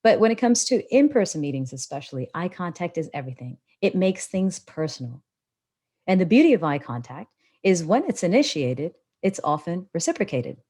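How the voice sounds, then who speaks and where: Animated woman coaching public speaking. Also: fairly low pitch. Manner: animated, expressive delivery with wide swings in tone. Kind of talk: live webinar teaching. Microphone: laptop on a video call.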